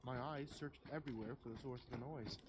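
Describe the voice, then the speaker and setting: A storyteller narrating a spooky first-person Christmas story in a slow, measured, hushed way. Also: medium pitch, very noisy. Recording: loud keyboard typing behind.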